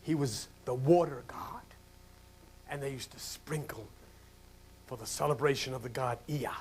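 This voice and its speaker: An older male pastor from New Jersey preaching a sermon, swinging from loud, emphatic questions to hushed whispers. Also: medium pitch, moderate pace, slight background noise.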